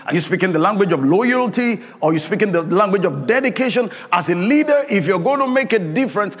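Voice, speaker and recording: High-voiced preaching man, reverberant hall. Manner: emphatic preaching with call-and-response to congregation. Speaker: pastor. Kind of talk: sermon.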